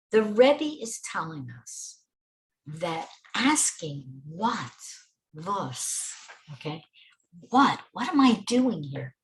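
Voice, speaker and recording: A woman teaching a class at an unhurried pace, her fairly low voice rising and falling through a wide range. She sets her points out in measured phrases, leans on key words and speaks straight to the listeners. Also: sing-song, rough recording. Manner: measured, with deliberate pauses and stressed words; addresses the listeners directly. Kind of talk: spoken lecture on faith.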